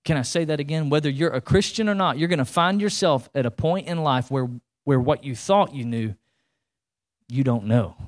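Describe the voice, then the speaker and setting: A man preaching a sermon in a lively, colloquial way, full of rhetorical questions and asides to the congregation. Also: on the high side, moderate pace. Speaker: pastor.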